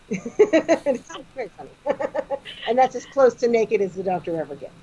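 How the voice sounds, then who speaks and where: A woman's voice: a little high, big pitch swings, moderate pace, dark tone, breathy edge. A woman guesting on a comedy podcast, chatting eagerly and explaining fan trivia. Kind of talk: casual podcast chat. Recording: dull lo-fi sound with faint noise.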